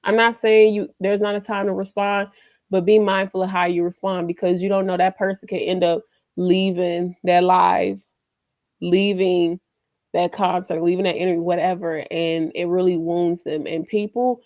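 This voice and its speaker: A woman's voice: on the low side, little pitch movement, normal speed, dry recording. A woman chats candidly to her viewers, tossing in slangy asides and plenty of "you know" as she goes. Her voice comes through a dull, lo-fi mic, and the recording is dry with no room sound. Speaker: vlogger giving life lessons. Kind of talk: casual talk to camera.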